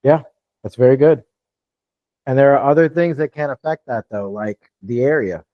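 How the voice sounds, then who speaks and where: A man's voice: medium pitch, normal speed, no echo. Fifty-something guy coaching a q&a over a call, plain and casual, dry muffled lo-fi sound. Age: 50s. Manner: casual, plain-spoken, keeps checking in with "you know what I'm saying"; talks in a lighter "customer service voice" than his usual one. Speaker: real estate investing coach. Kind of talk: live online training Q&A.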